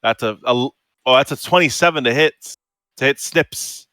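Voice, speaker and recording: A man's voice: medium pitch, normal speed, bright, forceful tone, smooth, dry recording. A young man playing a tabletop game, casual and helpful, with frequent swearing. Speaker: player.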